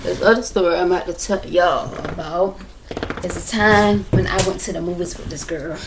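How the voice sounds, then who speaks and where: Young woman with a low raspy fry voice, rambling storytime straight to her viewers, laptop mic at home. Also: moderate pace, noisy background. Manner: rambling, repeats herself, talks straight to viewers. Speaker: vlogger telling stories. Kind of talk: casual storytime chat.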